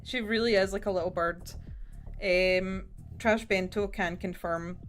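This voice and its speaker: Woman, middle-aged, rambling stream chat, swears freely, soft music behind. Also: mid-range voice, fairly even intonation, unhurried. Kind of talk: casual chat while painting.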